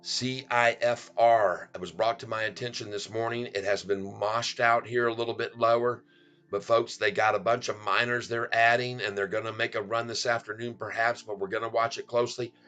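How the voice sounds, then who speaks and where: A man's voice: medium pitch, steady tone, moderate pace, a bit bright, soft background music. A middle-aged man hosting a stock market livestream, joking, rhyming and laughing often as he hypes his viewers. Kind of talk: playful sing-song stock chat.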